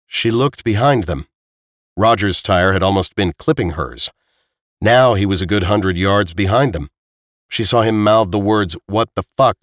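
A man narrating an audiobook in an even, measured way on a close mic. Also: low-pitched, no echo.

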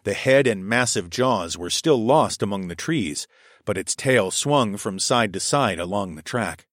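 A young adult man narrating a first-person adventure story in a steady storytelling voice. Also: unhurried, no room sound, clean studio sound. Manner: steady storytelling, voicing his own lines louder and higher.

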